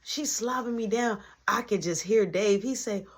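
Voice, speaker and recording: A woman telling a casual storytime monologue, animated and acting out others' lines. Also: medium pitch, normal speed. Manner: animated, acts out dialogue.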